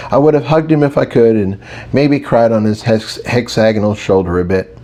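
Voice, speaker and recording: Expressive male audiobook narrator. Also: lowish voice, moderate pace. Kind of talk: first-person audiobook narration.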